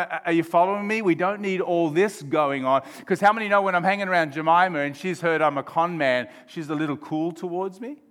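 A man's voice: sits high, a bit bright. A man preaching a sermon as pastor of his church, joking and drawing the congregation in. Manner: humorous, engaging the congregation.

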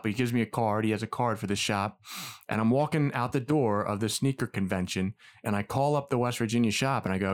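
A man's voice: lowish voice, brisk. A man co-hosting a casual podcast, telling a long story and acting out the quoted dialogue, swearing freely. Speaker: podcast co-host.

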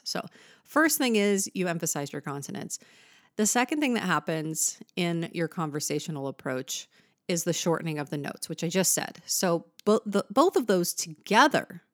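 A woman's voice: mid-range voice, no room sound, clean studio sound. A woman singing teacher explaining vocal technique to viewers in a patient, explanatory way, posing rhetorical questions.

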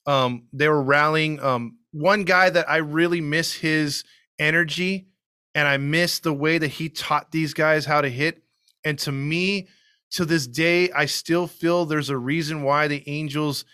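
A man's voice: a little high, sharp tone, clean tone, no echo, studio quality. A man co-hosting a podcast, chatting casually and enthusiastically, rambling with frequent restarts. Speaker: podcast co-host. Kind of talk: casual sports chat.

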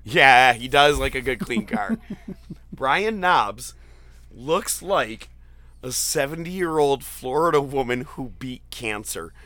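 A man hosting a casual podcast chat, retelling jokes with excited, profane laughter. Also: medium pitch, takes it slowly. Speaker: podcast host. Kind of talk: casual chat recapping an event.

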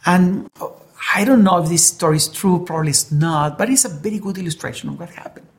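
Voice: mid-range voice, fast. A preacher giving a sermon and telling an illustration story, speaking earnestly and often repeating words while searching for them.

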